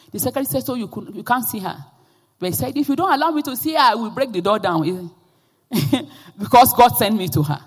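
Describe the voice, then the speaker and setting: A woman preaching a sermon and telling her own testimony, swinging from quiet storytelling to loud, impassioned exhortations. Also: mid-range voice, breathy edge. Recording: long hall reverb.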